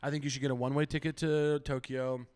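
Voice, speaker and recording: Man, podcast host, rapid speech, emphatic and encouraging, mid-pitched voice. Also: little pitch movement, darkish tone, clean tone. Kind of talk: casual podcast chat.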